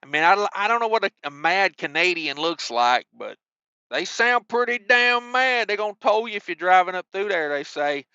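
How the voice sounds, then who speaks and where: High, crisp-voiced wisecracking news host. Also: male voice, expressive, moderate pace, bright, forceful tone, no echo, lo-fi sound. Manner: wisecracking, mild cussing asides. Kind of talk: reading news with joking commentary.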